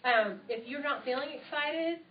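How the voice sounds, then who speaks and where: A woman's voice: sits high, normal speed, a little hiss or hum. A woman leading a live training session for a small group, chatty and enthusiastic. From United States. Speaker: sales trainer. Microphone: tablet mic from across the room. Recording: roomy, distant, dull tablet stream.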